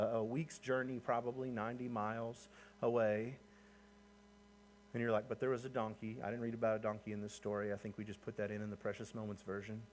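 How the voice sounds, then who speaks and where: A man preaching a sermon in a conversational, storytelling way, often asking the listeners to imagine the scene. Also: slight background noise. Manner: conversational, rising in pitch and energy as he builds points. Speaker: pastor.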